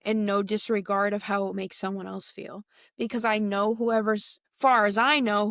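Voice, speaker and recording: A young adult woman hosting her own podcast, talking bluntly and casually in a slangy, animated way. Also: mid-range voice, no room sound, clean studio sound. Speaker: podcast host. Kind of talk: casual solo podcast monologue.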